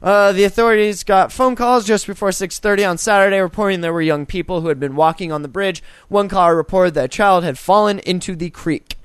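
A man's voice: high voice, a little fast, few pauses, smooth, dry recording, studio quality. A young man co-hosting a casual podcast, reading news stories aloud and breaking off to swear and joke. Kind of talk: casual crude chat.

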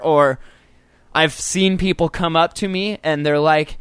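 A man's voice: a little high, fairly even intonation, measured pace, fairly bright tone, clean tone, no room sound. A man co-hosting a casual podcast, joking and rambling with crude humor. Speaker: podcast co-host. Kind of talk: casual chat.

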